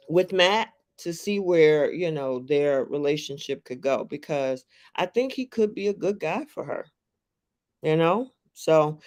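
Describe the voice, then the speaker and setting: On a live stream, a host with a mid-range, darkish voice chats casually about a reality show. He reads viewer comments aloud in an unhurried, conversational way.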